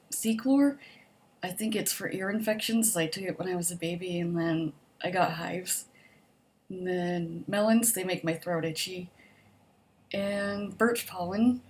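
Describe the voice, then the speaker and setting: Young adult woman, casual vlogger answering a survey, a bit lower-pitched, optimistic, loose and chatty with filler words. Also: a little hiss or hum. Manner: chatty, upbeat, optimistic, frequent "like" and "um". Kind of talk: casual survey vlog, reading questions and answering.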